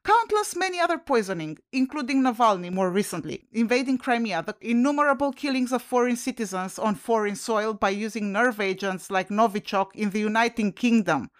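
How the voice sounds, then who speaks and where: A woman's voice: fairly high pitch, lively intonation, fairly quick, few pauses, no room sound, studio quality. A woman co-hosting a podcast, talking about politics with passion and strong emotion. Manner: impassioned, emotional. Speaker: podcast co-host. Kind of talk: casual political discussion.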